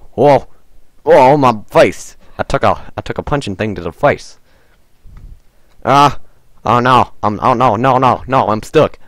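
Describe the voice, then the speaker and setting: A man hosting a gaming video with goofy let's-play commentary, and his pitch swings widely. He talks at an unhurried pace, chatting to the on-screen character and repeating the same jokes. The sound is dry and close. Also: dry recording.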